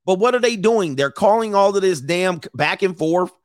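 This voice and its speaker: A man hosting a live commentary, reading messages aloud and reacting to an audience in the room with blunt, profane, animated asides. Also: sits high, moderate pace, no echo, studio quality. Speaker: commentary host.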